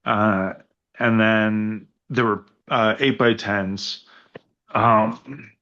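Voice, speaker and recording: A man on a podcast as a guest wrestler, telling rambling, profane stories in a casual, animated way. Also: fairly low pitch, very slow, dull audio. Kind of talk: casual storytelling chat.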